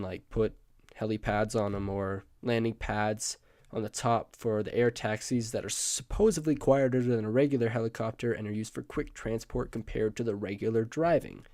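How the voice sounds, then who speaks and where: A man who is sick and hoarse gives a casual presentation on screen. He rambles, adds asides and keeps correcting himself. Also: medium pitch, mellow, no room sound, clean studio sound. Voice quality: croaky. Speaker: student presenter.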